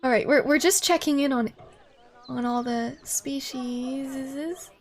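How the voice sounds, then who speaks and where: A woman's voice: high-pitched, measured pace, darkish tone. A woman streaming a game live, chatting casually, gushing and giggling over cute things and thanking viewers by name. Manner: gushing, giggly, easily delighted. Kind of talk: casual live-stream chat while playing.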